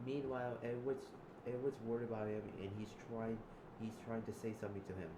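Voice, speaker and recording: A man improvising a role-play with a chatbot, halting and rambling, repeating words, with loud excited bursts. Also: on the low side. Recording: echoey room with background noise.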